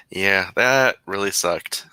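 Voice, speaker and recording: A man co-hosting a casual livestream, easygoing and quick to laugh, chiming in with short remarks. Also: sits low, bright, forceful tone, smooth, no echo.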